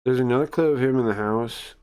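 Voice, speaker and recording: A man's voice: mid-range voice, fast talker, darkish tone, smooth. A male live streamer giving blunt, crude, rambling reaction commentary full of fillers.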